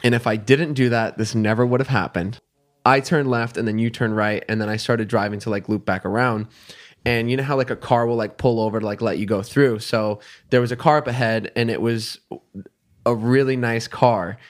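Young guy podcast host, rambly storytelling, lots of likes, mid pitch. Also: steady tone, fairly quick. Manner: rambling storyteller, heavy on fillers. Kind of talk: casual chat.

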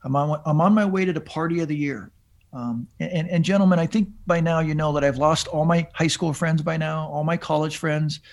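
Rambling storytelling man, bit high. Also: fairly even intonation, a little fast. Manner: rambling, many restarts and repeated words. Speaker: podcast guest. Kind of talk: storytelling in casual chat.

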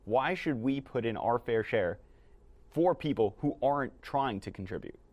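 A man's voice: mid-range voice, expressive, moderate pace, highs cut off. A young man from New York, a guest on a political chat, speaking emphatically and indignantly.

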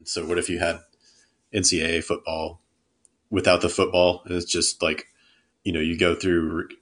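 Deep-voiced man rambling in podcast chat. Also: a bit bright. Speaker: podcast co-host. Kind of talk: casual chat.

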